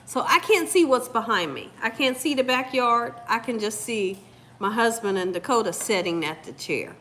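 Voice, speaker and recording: A woman hosting a channel, telling a story in an animated, casual way and talking straight to viewers. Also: a little high, moderate pace, slight background noise. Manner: animated, addresses viewers as "y'all". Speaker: cooking channel host.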